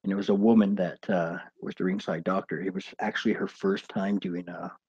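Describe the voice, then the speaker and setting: A man's voice: deep voice, fairly even intonation, a little fast, gravelly, darkish tone, breathy edge, muffled recording. A man who used to box, hosting and telling a casual, rambling story with lots of fillers and swearing. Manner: rambling, with many fillers and restarts, swears freely. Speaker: host, former pro boxer.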